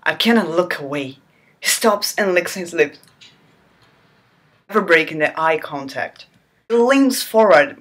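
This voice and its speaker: A woman giving a comic dramatic reading of a novel and breaking off for sarcastic asides. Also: lowish voice. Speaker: reader.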